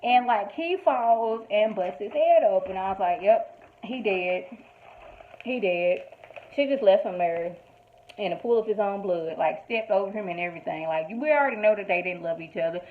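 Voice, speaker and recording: A woman's voice: medium pitch, fairly quick. Chatty woman recapping a TV episode. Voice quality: animated, emphatic storytelling with quoted asides. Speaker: TV show reviewer. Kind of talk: casual recap and review. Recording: tinny phone-like audio.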